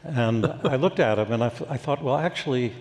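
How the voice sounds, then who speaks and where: Older man musing haltingly in a reverberant hall. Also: mid-range voice, a little mellow. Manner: thoughtful, halting, anecdotal with many fillers. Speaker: guest expert. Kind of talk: onstage forum conversation. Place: conference hall stage.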